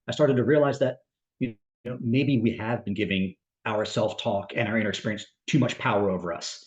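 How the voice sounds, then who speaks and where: A man at mid pitch talks through ideas on a podcast in a thoughtful, rambling way, pausing on fillers and repeating words as he finds his point. He works as a mental performance coach. The sound is a little dull and lo-fi. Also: darkish tone, reverberant. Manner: reflective, storytelling, frequent fillers and restarts. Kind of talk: podcast discussion, long explanation.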